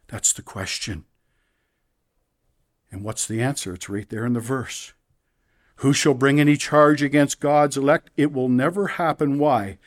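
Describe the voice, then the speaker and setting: A man preaching a sermon from the pulpit, emphatic, swinging between hushed low passages and loud exclamations. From Canada. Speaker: pastor. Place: church.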